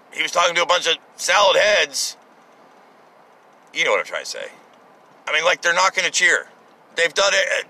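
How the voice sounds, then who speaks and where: A man's voice: high voice, gravelly, sharp tone, breathy edge, poor audio. A man giving casual, sarcastic political commentary, ranting with profanity and exasperation.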